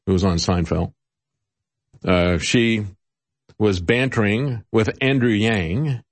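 A man hosting political commentary, talking in a sarcastic, mocking way with chuckles and many "uh" fillers. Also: fairly low pitch. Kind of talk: opinionated radio-style commentary.

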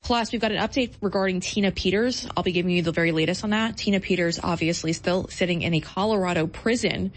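A woman hosts a political talk show, her voice sitting slightly low for a woman. She talks briskly and with emphasis, taking a combative edge as she previews the program.

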